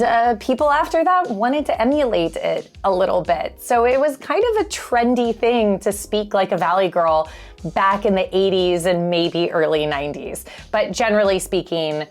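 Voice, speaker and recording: Woman realtor explaining to camera. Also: medium pitch. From California. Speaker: realtor, channel host. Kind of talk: scripted talk to camera.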